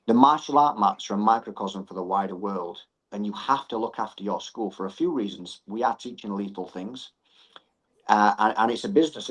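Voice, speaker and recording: Earnest man, lower-pitched voice. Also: poor audio. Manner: earnest, explanatory, repeats phrases for emphasis. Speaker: martial arts gym owner and coach. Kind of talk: podcast interview guest.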